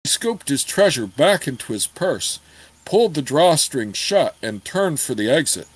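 A man reading a fantasy novel aloud in a steady storytelling manner. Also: on the high side, measured pace, slightly rough, poor audio. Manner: steady storytelling, apologizes for page turns. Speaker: audiobook reader.

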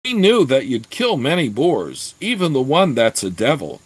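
A man's voice: medium pitch, huge pitch swings, normal speed, breathy edge, dry recording, rough recording. A man doing a tall earnest boy. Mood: confessing. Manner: earnest, plain-spoken.

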